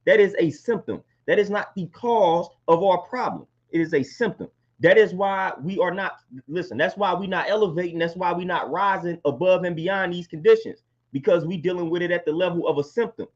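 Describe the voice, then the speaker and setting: A man's voice: high voice, brisk. A man, hosting a live stream and delivering an impassioned monologue, repeating phrases for emphasis. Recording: dull lo-fi stream audio.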